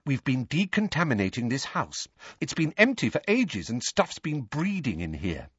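A man reading an audiobook, voicing an anxious, earnest teenage girl who talks quickly and pleadingly. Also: mid-range voice, huge pitch swings, husky, no echo, highs cut off, pitched above the performer's own voice.

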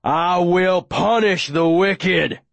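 A man voicing a menacing, fanatical preacher who speaks slowly with an eerie calm, as an audiobook character. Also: high voice, gravelly, no room sound, full character voice. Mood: shouting. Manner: slow, drawn-out, eerily calm delivery.

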